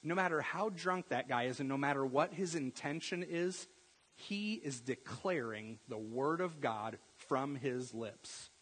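A man preaching a sermon in a conversational storytelling way, often checking in with the congregation with a quick "right?". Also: a little high, a bit bright, husky, big-room sound, poor audio. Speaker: pastor.

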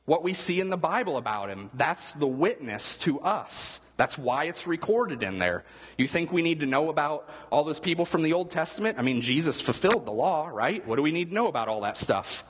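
A man's voice: a little high, big pitch swings, brisk, slightly rough, in a large hall. A male pastor giving a conversational sermon, asking his listeners questions as he goes. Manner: conversational, asks the room questions.

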